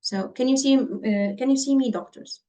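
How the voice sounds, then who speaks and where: A woman's voice: sits high, mellow. A woman teaching doctors in an online lesson over a computer mic, repeating her points and checking in with her listeners. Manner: slow, repetitive, checks in with listeners. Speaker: medical exam tutor.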